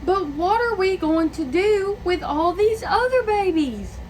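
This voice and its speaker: Flustered exasperated storybook dad as a woman reads him, high voice, unhurried. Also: animated, a little hiss or hum.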